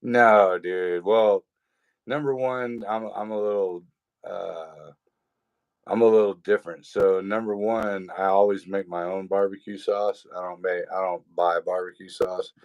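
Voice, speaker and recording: A man's voice: sits low, fairly even intonation, measured pace, clear, resonant tone, dry recording, muffled recording. A man, hosting a casual livestream chat over a video call, rambling with fillers and restarts. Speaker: stream host.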